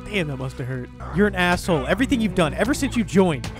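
A man giving excited commentary over gameplay, shouting, swearing and laughing at what happens on screen. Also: sits high, fast talker, over music. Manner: laughs often. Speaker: gaming video creator.

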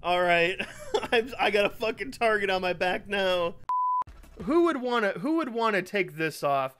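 A man in casual gaming banter, loud and excitable, swearing a lot. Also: sits high, measured pace, slight background noise. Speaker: gaming video regular.

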